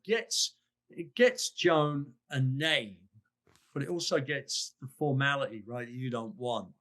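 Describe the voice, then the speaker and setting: A man's voice: fairly high pitch, normal speed. A man with an English accent, a consultant guest on a recruiting podcast, breaking down a phone call and acting out quoted lines. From England. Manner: animated, acts out quoted lines. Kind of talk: podcast commentary.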